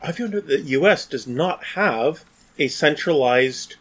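A man in his forties from Canada, co-hosting a podcast in casual, halting chat. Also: fairly high pitch, animated, a bit bright, slightly rough. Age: 40s. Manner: halting, full of restarts. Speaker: podcast co-host.

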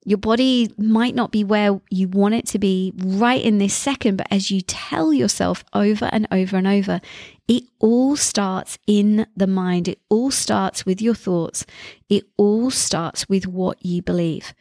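A woman hosting a self-help podcast, coaching listeners through affirmations in a calm, guided way. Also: medium pitch, unhurried, dry recording, studio quality. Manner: coaching, repeats affirmations in first person. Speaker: podcast host. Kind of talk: motivational talk.

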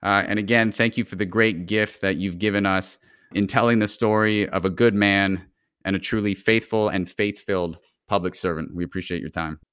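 Gracious low-voiced man podcast host. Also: steady tone, moderate pace, a bit bright, clean tone. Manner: gracious and thankful. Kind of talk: podcast interview and outro.

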